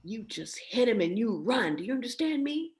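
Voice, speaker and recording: A woman's voice: a little high, very animated, normal speed, darkish tone, voice pushed up. A woman quoting a stern, protective father. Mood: insistent. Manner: blunt, insistent warnings.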